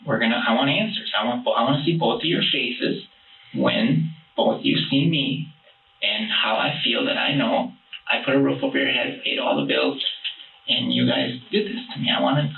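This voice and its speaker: A man being questioned by detectives, telling his story in a halting, rambling way with many restarts, heard on a distant police interview room recording. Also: medium pitch, creaky, reverberant, phone-quality sound, slight background noise.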